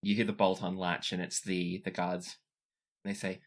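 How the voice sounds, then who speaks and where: A man running a tabletop game as game master, narrating scenes and jumping into character voices. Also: moderate pace. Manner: lively, animated narration that jumps up in pitch for characters.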